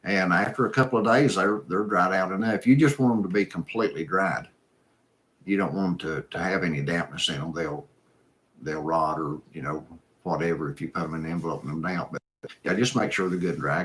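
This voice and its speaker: A man's voice: deep voice, fairly bright tone. A man hosting a live stream, reading viewer comments and chatting in an easygoing, folksy, rambling way. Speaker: host.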